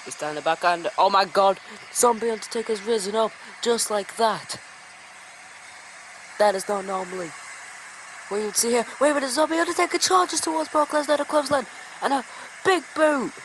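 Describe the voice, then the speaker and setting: An excitable woman calls wrestling play-by-play in a fairly high voice, breaking into sudden exclamations. A steady hiss sits under the recording. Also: fairly quick, long pauses, low-quality recording. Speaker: commentator. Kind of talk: play-by-play wrestling commentary over a video game.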